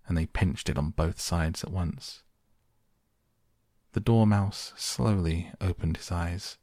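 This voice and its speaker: Deep, gravelly man reading bedtime stories. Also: dry recording, studio quality. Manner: slow, soft, soothing. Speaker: narrator. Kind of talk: soft bedtime story reading.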